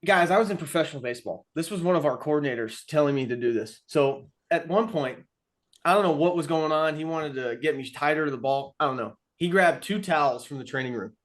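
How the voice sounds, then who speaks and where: A man's voice: a little high, a little fast. A young man co-hosting a podcast, telling stories casually and acting out the quotes. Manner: animated storytelling with acted-out quotes. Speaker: podcast co-host. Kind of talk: casual chat.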